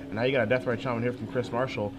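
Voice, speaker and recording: Excitable male play-by-play caller. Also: mid-range voice, racing. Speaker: commentator. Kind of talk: live play-by-play commentary.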